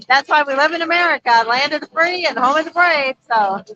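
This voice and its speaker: A high, bright-voiced woman chats casually on a live stream from a noisy street, reading out viewer comments as they come in. Her voice is captured through a phone camera and sounds dull and lo-fi. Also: fairly quick. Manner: reads viewer comments aloud, chatty. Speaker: vlog co-host reading live chat. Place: busy street outdoors at a motorcycle rally. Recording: dull lo-fi livestream audio.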